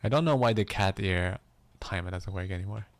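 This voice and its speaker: Gravelly-voiced playful male streamer. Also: low voice, brisk, no room sound. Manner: playful, self-mocking, laughs often. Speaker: livestreaming musician. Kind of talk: casual chat with stream viewers.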